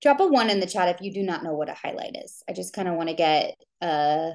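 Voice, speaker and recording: A woman's voice: fairly low pitch, lively intonation, fairly quick, darkish tone. A woman in her thirties giving a casual live training call, chatty and rambling with lots of fillers. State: tearful. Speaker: business coach.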